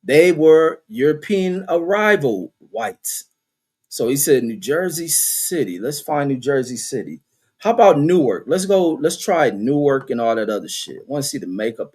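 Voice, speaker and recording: A man's voice: mid-range voice, lively intonation, a little slow, darkish tone. A man talks loosely on his own livestream. He reads the chat aloud and answers it with profane jokes and bursts of laughter. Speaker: livestream host reading chat. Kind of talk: casual livestream commentary.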